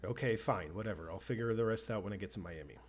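A man from the United States telling a story in casual chat, lively and acting out the people he quotes. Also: fairly low pitch, fast.

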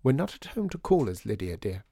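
Guy putting on a chirpy old lady voice, prim and fussy, bit gravelly and husky. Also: on the low side, big pitch swings, a little fast, warm tone, no room sound, clean studio sound, exaggerated voice. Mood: fluttery. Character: two fluttery elderly sister spinsters, prim and nervous.

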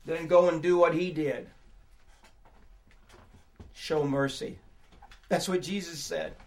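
High-voiced older man preaching emotionally. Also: fairly even intonation, takes it slowly. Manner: swings from hushed storytelling to crying shouts. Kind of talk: sermon testimony.

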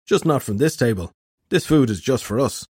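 Sly male fairy, slow and lordly, husky low tone, dry close sound, narrator puts him on. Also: lively intonation, darkish tone, no echo. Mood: cool, lecturing.

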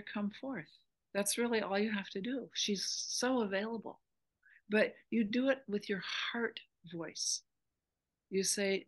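An earnest woman speaking as a spiritual teacher in an interview. Her voice sits a little low, and she explains a meditation practice step by step.

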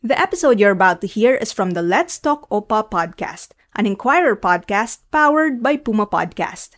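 A woman reading a clear, brisk, scripted podcast promo. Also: mid-range voice, very animated, a bit bright, faint music behind. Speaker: podcast announcer.

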